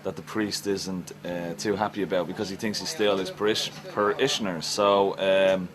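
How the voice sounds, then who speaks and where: A man's voice: low voice, steady tone, normal speed, a crowd in the background, poor audio. An Irish actor chatting on set about his part, easygoing and rambling. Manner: easygoing, rambling, lots of fillers. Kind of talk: casual interview.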